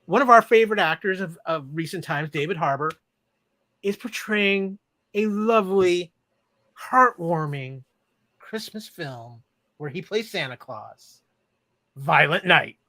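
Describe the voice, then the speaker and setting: A man's voice: sits high, lively intonation, measured pace, pushed and bright, dry recording. A man co-hosting a podcast, talking about movies with playful sarcasm. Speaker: podcast co-host. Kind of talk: casual chat reviewing movies.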